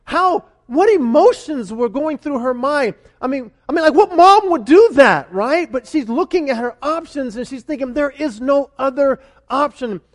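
A high-voiced male pastor preaches with animated, conversational energy at a moderate pace, barely pausing. He hammers his points home with emphatic repetition and questions aimed at the congregation.

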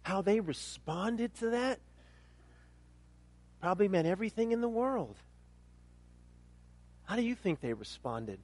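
A pastor preaching a sermon emphatically, building to loud questions and then dropping quiet and intense. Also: male voice, high-pitched, big pitch swings, a little slow, pauses often.

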